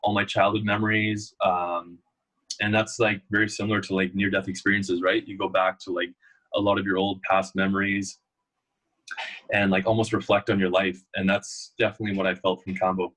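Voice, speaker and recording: In what sounds like a relaxed, casual interview, a young male guest with a low, husky voice spins long, rambling stories packed with "like" and "uh." He talks a little fast, and the audio quality is poor.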